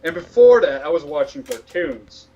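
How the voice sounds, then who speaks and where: High-voiced man, blunt and lo-fi. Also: sing-song, mellow, slight background noise. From Latvia. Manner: blunt, swears, fast bursts. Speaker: podcast co-host. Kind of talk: casual chat. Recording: dull lo-fi audio.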